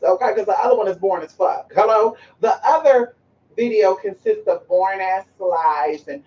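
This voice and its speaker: Sassy male vlogger, high mellow voice, muffled camera audio recorded off the mic. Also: animated, unhurried, far from the mic. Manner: sassy, chatty, talks straight to viewers and to his pet. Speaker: spiritual vlogger. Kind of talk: casual vlog chat to viewers.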